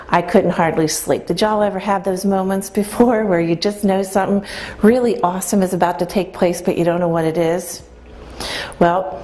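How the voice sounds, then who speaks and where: A woman's voice: lowish voice, a little mellow, slight background noise. A middle-aged woman telling a personal story to a live audience, quoting herself and others and asking the listeners questions. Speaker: speaker telling her story. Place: event room with an audience.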